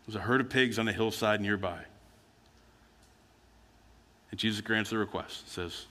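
A pastor with a lower-pitched voice delivers a conversational sermon in a church sanctuary, telling stories plainly and sometimes slipping into the voices of the people he quotes. His tone is bright and forceful, with fairly even intonation and a moderate pace. A long church-hall reverb hangs on the sound.

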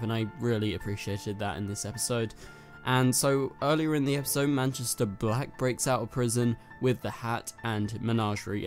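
A man from North London with a London accent, casually reviewing a TV episode in a chatty, rambling way, full of fillers. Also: mid-range voice. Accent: London English. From North London, England. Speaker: TV review host.

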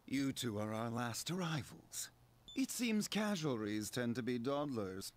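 An actor playing a haughty young noble samurai apprentice with a pompous, sneering manner. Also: male voice, medium pitch, very animated, takes it slowly.

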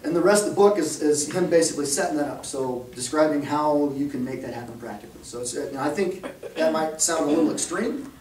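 A man's voice: on the high side, fast talker, few pauses, darkish tone, a little hiss or hum. A man giving a conversational talk to parents at a church, often checking in with the room with "okay?" and "right?". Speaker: speaker at a church. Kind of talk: talk to parents and youth leaders. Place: church hall. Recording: echoey hall, speaker far from mic.

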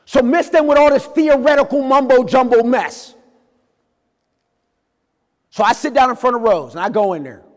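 Animated man speaking in an echoey hall. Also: extremely high pitch, normal speed, pauses often. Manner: animated storytelling, acts out voices, swings loud and quiet. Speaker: keynote speaker. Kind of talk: motivational talk to a live audience.

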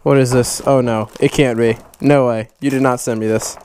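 A man in his twenties opening fan mail on his vlog, loud, hyper and goofy, jumping between high yelps and low growls. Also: sing-song, normal speed, hardly any pauses. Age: 20s. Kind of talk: casual vlog chat.

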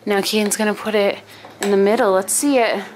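A woman's voice: mid-range voice, steady tone, fairly quick. A young woman chatting casually to the camera in a home family vlog. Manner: chatty, talking to camera and kids. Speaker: vlogger and mom. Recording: noisy home video.

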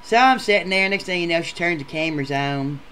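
A man's voice: a little high, brisk, sharp tone, a little hiss or hum. A man voicing a crude, rowdy adult male gameshow contestant who rambles through a profane story in a comedic machinima. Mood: ranting.

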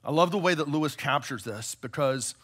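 A male pastor preaching a sermon, retelling a story as an animated storyteller. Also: fairly high pitch, brisk, breathy edge.

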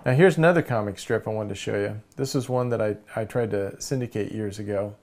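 A man teaching a cartooning course in a relaxed way, with many fillers and restarts. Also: on the low side, fairly quick. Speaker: cartooning instructor. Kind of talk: casual course lecture.

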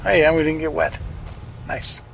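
A man's voice: a little high, moderate pace, vocal fry, background noise. Chatty man muttering over a video game. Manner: chatty, wry, mutters to himself, swears casually. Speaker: let's play host. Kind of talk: casual gameplay commentary.

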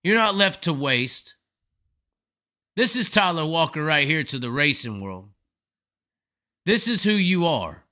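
A man's voice: fairly high pitch, very animated, a little slow, long pauses, sharp tone. A man hosting a live stream, delivering a profane, emphatic, rambling rant of commentary. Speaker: host.

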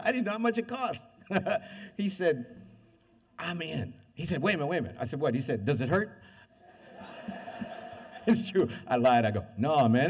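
An older man giving a university lecture, telling stories and acting out the voices of the people in them. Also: mid-range voice. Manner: lively anecdotes, acts out quoted voices. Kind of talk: animated storytelling lecture. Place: lecture hall with audience. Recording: lecture hall reverb.

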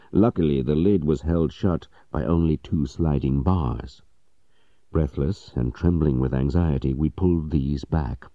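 A man narrating a story audiobook in a measured, even storytelling manner. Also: a bass voice, no room sound, lo-fi sound.

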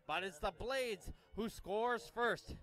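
Male commentator, high pitch, bright tone, brisk play-by-play, outdoor match. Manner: brisk play-by-play, self-correcting names. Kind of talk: live youth soccer commentary.

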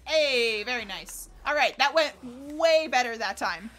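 Woman game streamer, high voice, bright tone, chatty and excitable, faint game music behind. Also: measured pace. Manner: chatty, excitable, swears and laughs. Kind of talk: live gameplay commentary.

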